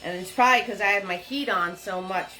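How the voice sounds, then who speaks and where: Bright, chatty New Jersey woman. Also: mid-range voice, fast talker, faint music behind, poor audio. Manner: chatty, laughs often, greets viewers by name. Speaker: painting instructor. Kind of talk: live painting class.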